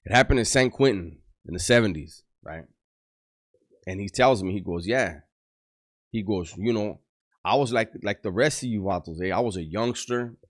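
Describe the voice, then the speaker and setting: Man, lowish voice, loose slangy storyteller who drops into gruff quotes. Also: moderate pace. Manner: street slang, restarts, quotes others in gruff low voice. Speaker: storyteller on a channel. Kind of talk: casual storytelling.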